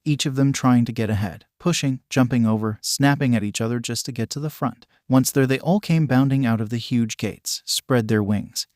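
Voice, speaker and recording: A man narrating a fan-written story in a steady storytelling voice. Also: medium pitch, normal speed, hardly any pauses, dry recording, studio quality. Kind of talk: reading a fan story aloud.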